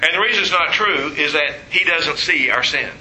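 Male preacher, higher voice, very bright tone, echoey hall sound, animated storytelling. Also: moderate pace, slight background noise. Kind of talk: sermon with humor.

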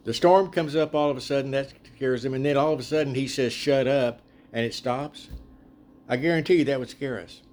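A man leading a casual group Bible study, chatty and animated, laughing often as he retells the story. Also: medium pitch, brisk, a little hiss or hum.

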